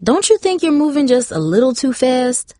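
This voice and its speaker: Storybook teen girl, careful and caring, slightly raised pitch, dry voice; read by a woman. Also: big pitch swings, normal speed, mellow, no room sound. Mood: worried. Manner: earnest, pleading.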